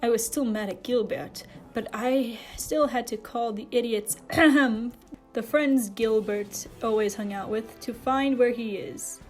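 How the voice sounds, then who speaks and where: A woman's voice: on the high side, takes it slowly, faint music behind. Woman reading fan fiction aloud. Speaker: reader.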